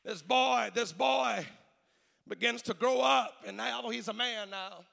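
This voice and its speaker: A man preaching a sermon, shifting between a low, intimate delivery and shouted, sing-song whooping, with "uh" filling his pauses. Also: creaky, in a large hall. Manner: fills pauses with "uh". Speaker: pastor.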